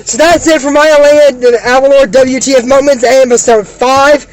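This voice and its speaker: A man excitedly retelling a cartoon episode, gasping and shouting as he recaps the action. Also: very high voice, brisk, low-quality recording. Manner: animated, gasps and shouts with excitement.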